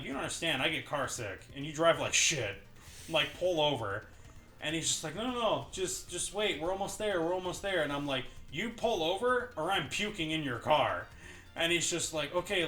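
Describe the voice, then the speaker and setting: A man's voice: fairly high pitch, pushed and bright, roomy sound. A man hosting a gaming show, telling a story in a casual chat, swearing freely and laughing as he goes.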